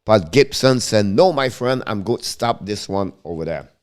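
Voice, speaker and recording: French accent guy calling hockey play by play on a stream, lowish smooth voice, rattling off every pass. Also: animated. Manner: rapid running commentary in broken English, names each pass. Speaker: play-by-play commentator and stream host.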